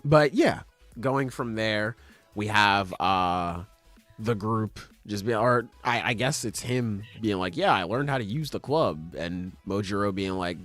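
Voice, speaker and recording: Unhurried and fairly low in pitch, the man sounds fairly bright, with faint music behind and no room sound. On the podcast he co-hosts, he recaps manga chapters in a loose, profane chat, casually voicing the characters in paraphrase.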